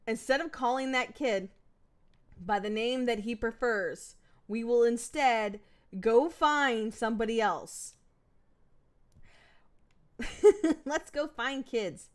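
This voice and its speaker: Playful high-voiced woman gamer. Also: takes it slowly, long pauses. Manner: playful, giggly, theatrical. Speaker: game streamer. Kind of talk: casual let's-play commentary.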